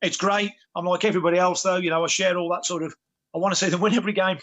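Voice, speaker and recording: A man's voice: sits high, steady tone, racing, a bit bright. A man, a former footballer chatting as a guest, rambling with many restarts. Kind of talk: casual chat.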